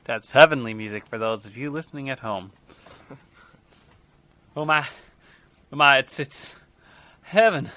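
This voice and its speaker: A man voicing a newly dead Southern man arriving in heaven, with a theatrical, wonder-struck delivery in a rough comedy sketch. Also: mid-range voice, measured pace, long pauses, bright, forceful tone, a little hiss or hum. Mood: awestruck.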